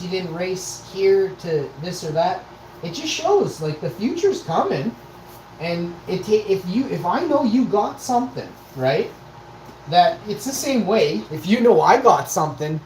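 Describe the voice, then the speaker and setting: In a roomy, echoing recording with faint noise, a man in his forties hosts a vlog and launches into a profane, confrontational rant packed with rhetorical questions. His voice sits high with a darkish tone and lively intonation, at normal speed.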